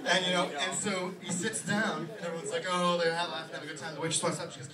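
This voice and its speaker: Fast-talking young man doing stand-up. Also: sits high, little pitch movement, distant mic. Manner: rapid rambling delivery with fillers. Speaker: stand-up comic. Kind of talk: stand-up comedy set. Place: small pub stage. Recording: echoey bar room, mic from afar, loud crowd.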